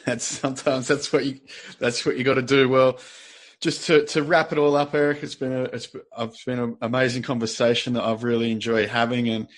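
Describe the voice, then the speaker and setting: Podcast host, measured and encouraging. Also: male voice, medium pitch, flat delivery. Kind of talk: casual interview talk.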